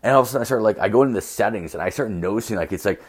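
Solo podcaster, young adult male, slightly low register, crude and rambling storyteller. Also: racing, slightly rough. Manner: profane, filler-heavy, storytelling. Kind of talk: casual rambling monologue.

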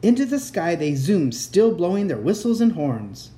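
A man reading a children's chapter book aloud as a bedtime story, with expressive narration. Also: high voice, moderate pace.

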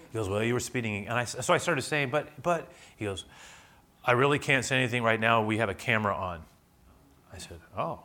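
A man preaching a sermon, telling a story and getting animated as he quotes himself. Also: mid-range voice, fairly quick. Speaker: pastor.

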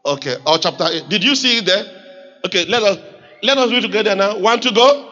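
A man's voice: high voice, sing-song, fast talker, sharp tone, dull audio. A man with a Nigerian accent preaching a sermon as pastor, emphatic and calling on the congregation to repeat lines back.

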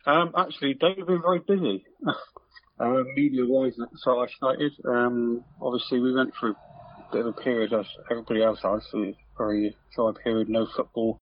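Earnest guest, dry lo-fi sound. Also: male voice, medium pitch, fairly even intonation, brisk, no echo. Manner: earnest, many ums. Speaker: club media manager, guest. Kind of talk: interview answers.

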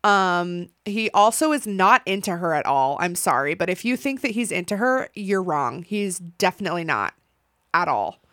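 A young woman hosting a podcast, recapping a reality show in a casual, animated way, swearing and acting out what people said. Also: lowish voice, normal speed, dry recording, studio quality. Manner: animated, swearing, acts out quotes. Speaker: podcast host.

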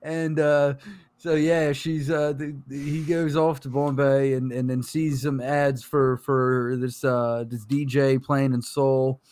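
A man's voice: mid-range voice, level tone, darkish tone. Rambling man telling a story. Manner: rambling, halting, lots of fillers and restarts. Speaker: podcast co-host. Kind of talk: casual chat, retelling a story.

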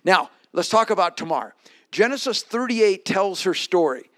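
Male pastor, sermon, slightly higher voice, chatty, asks the room questions. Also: animated, normal speed, fairly bright tone. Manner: conversational, asks the congregation questions. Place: church with slides.

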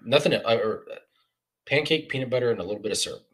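A man co-hosting a casual beer podcast chat, talking in halting bursts with many restarts. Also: mid-range voice, lively intonation, fairly bright tone, slightly rough. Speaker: podcast co-host.

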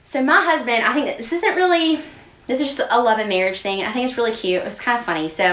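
Animated woman telling stories in an echoey room. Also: fairly high pitch, quick pace. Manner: animated storytelling, laughs often. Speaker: podcast co-host. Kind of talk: casual chat. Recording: roomy echo.

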